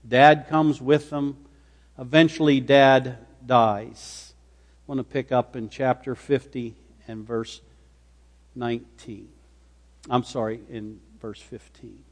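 A man preaching a sermon, retelling scripture dramatically and acting out the speakers' lines. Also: mid-range voice. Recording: long hall reverb.

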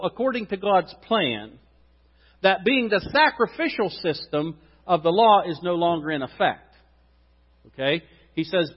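A male pastor preaching a sermon, swinging between loud emphatic preaching and quiet joking asides. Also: high voice, breathy edge. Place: church sanctuary. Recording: dull sound with long hall reverb.

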